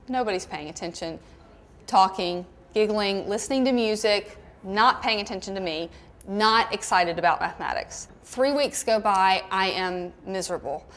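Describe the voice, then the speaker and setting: A middle-aged woman with a Southern American accent, telling a personal story in an animated, conversational way. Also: medium pitch. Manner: animated storyteller, with mimicking asides. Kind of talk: storytelling talk.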